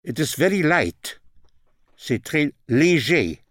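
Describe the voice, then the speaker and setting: Slow, lively-voiced man teaching a lesson. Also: fairly high pitch, dry recording, studio quality. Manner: spells out words letter by letter. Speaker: language teacher. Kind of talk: slow spoken language lesson.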